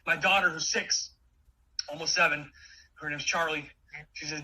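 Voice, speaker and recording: A man in his forties giving an energetic motivational talk, with many quick restarts. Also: on the high side, husky, rough recording. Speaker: keynote speaker.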